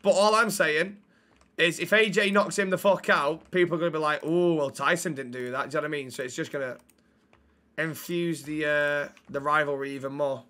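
A young man talks to his live chat while playing a game. His voice sits a touch high and rings very bright. His delivery is blunt, sweary banter into a desk mic. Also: fairly even intonation, a little fast. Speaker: streamer.

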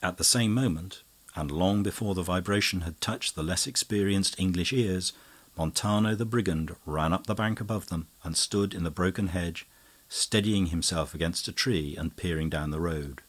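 Deep husky male audiobook narrator. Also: moderate pace. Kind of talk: scripted narration.

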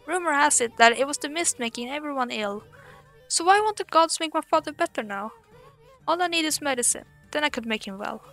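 A woman's voice: high-pitched, lively intonation, brisk, a bit bright, faint music behind. A woman reading the lines of a worried young village boy aloud in a game, earnest and pleading.

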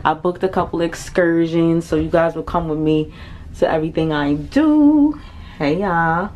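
A woman travel vlogger chatting excitedly to camera in a cruise ship cabin, repeating herself often. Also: sits low, a little slow, slight background noise. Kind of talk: casual chat to camera.

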